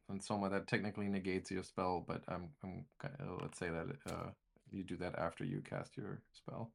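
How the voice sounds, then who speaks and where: A man narrating a tabletop game as game master, describing scenes haltingly. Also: low voice, gravelly.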